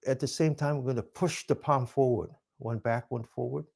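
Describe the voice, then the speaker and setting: A man teaching a mindfulness class, calmly guiding stretches and breathing, counting slowly and dropping to a soft whisper on the breathing phrases. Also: mid-range voice, vocal fry. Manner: calm step-by-step instructions, counting slowly. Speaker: mindfulness exercise instructor. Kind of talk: guided movement and breathing class.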